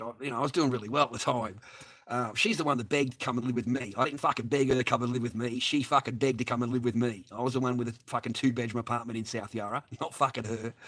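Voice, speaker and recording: A man's voice: medium pitch, fairly bright tone, slightly rough. An Australian man chatting crudely on a livestream, swearing heavily and laughing often as he talks. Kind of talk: crude rambling livestream chat.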